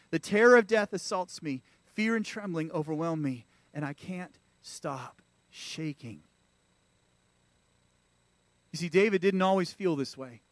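A man's voice: high-pitched, fairly bright tone, no room sound. A man preaching a sermon in a church, calling out to the congregation. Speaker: pastor.

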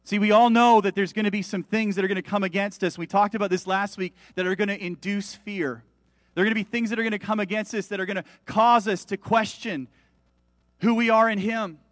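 High-voiced man preaching a sermon. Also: fairly even intonation, a little fast, no echo, clean studio sound. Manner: emphatic preaching, rising and falling in volume. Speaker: pastor.

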